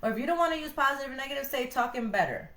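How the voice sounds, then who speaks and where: A woman's voice: high-pitched, rapid-fire. A young woman from Connecticut co-hosting a podcast, giving casual relationship advice and acting out quoted voices as she talks. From Connecticut, USA. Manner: animated, acts out quoted voices. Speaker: podcast co-host. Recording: echoey room.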